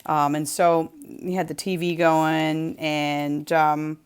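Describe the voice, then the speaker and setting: This New England woman's low voice is flat and slow but clean as she hosts a craft livestream from her home near the kitchen. She tells a story in a loose, chatty way, filling it with ums and likes.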